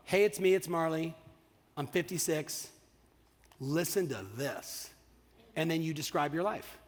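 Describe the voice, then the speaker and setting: A middle-aged man giving an energetic, profane motivational keynote on stage, often checking in with the audience. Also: fairly high pitch. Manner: energetic, profane, asks the crowd "you with me?". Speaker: keynote speaker. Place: large hall on stage. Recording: long hall reverb.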